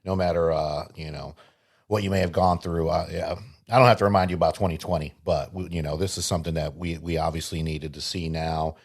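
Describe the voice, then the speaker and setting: A man's voice: low-pitched, fairly even intonation, brisk, breathy edge. A man co-hosting a podcast, chatting loosely about movies, laughing often and swearing casually. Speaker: podcast co-host. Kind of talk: casual chat.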